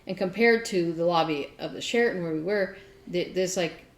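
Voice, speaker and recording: A woman co-hosting a craft podcast, telling a story in a chatty, animated way with lots of fillers. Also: lowish voice, moderate pace, echoey room. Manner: chatty, animated retelling with many fillers and laughs. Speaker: podcast co-host. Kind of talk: casual storytelling chat.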